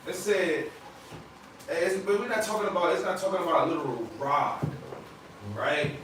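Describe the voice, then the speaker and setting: A man's voice: sits high, normal speed, fairly bright tone, a little hiss or hum. Loose-talking man teaching a Bible lesson. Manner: loose, conversational, peppered with "man" and "right?". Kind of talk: casual Bible study talk. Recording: echoey room from far off.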